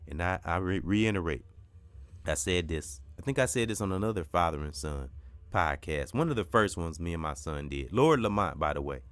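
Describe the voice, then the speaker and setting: A man's voice: low voice, expressive, normal speed, fairly bright tone, dry recording. A middle-aged man hosting a podcast, giving an emphatic, preachy spiritual pep talk that repeats its points and swears now and then. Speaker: podcast host.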